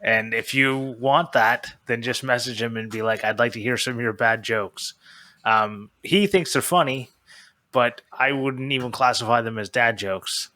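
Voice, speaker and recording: A man's voice: medium pitch, measured pace, bright, forceful tone, no room sound. A man co-hosting a podcast in casual chat, rambling with many fillers as he makes recommendations. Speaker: podcast co-host.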